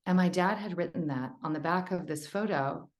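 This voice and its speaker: A woman's voice: lowish voice, normal speed, roomy sound. A woman author as a podcast guest, telling a personal story in an earnest, emotional, rambling way.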